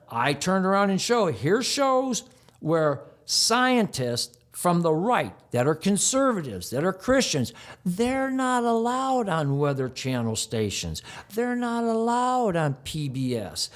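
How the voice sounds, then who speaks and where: A man's voice: sits high, sing-song, takes it slowly. A man who produces and hosts community television shows, answering interview questions emphatically and rattling off long lists. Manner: mocking rhetorical outbursts.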